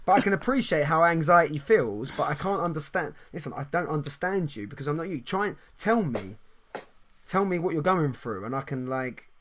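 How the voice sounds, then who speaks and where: A man hosting a podcast, talking in casual chat with fast restarts, repeated words and frequent laughs. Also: fairly high pitch, animated, a bit bright, slight background noise. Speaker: podcast host and coach.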